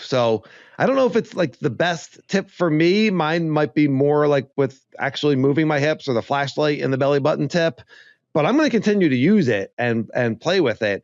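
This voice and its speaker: A man's voice: mid-range voice, no echo, highs cut off. A man co-hosting a casual mountain bike podcast, enthusiastic and reflective, sometimes stumbling over his words. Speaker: podcast co-host. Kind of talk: casual chat.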